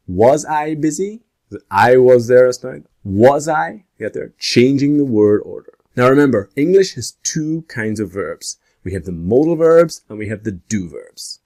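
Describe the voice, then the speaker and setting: Male English teacher, lowish voice, measured and deliberate, spells out example questions. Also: darkish tone. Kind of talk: grammar lesson to camera.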